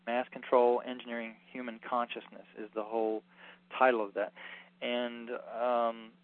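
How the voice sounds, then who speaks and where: A man's voice: medium pitch, level tone, normal speed, no room sound. A man giving a rambling, earnest informal lecture as a healing workshop teacher, full of fillers. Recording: tinny phone-like recording.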